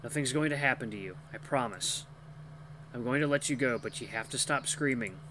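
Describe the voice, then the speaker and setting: A man voicing a gentle male gray wolf creature who talks softly and slowly to calm someone down. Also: mid-range voice, background noise, close to an everyday voice. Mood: soothing. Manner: soft, slow, soothing pleading.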